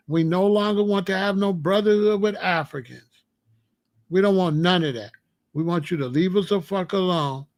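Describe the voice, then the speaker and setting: A man from the United States hosting a casual monologue, telling stories in an emphatic, profane, animated way. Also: high-pitched. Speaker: commentary host.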